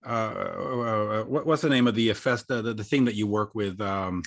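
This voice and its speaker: A man's voice: lowish voice, very animated, moderate pace, gravelly. A male interview host on a video call, talking with enthusiasm and often stumbling and repeating words. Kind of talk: casual interview chat.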